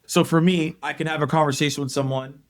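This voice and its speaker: A man speaking as a guest on a podcast in casual conversation, telling animated stories and acting out what people said. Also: a little high, fast. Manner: animated storyteller, acts out quotes.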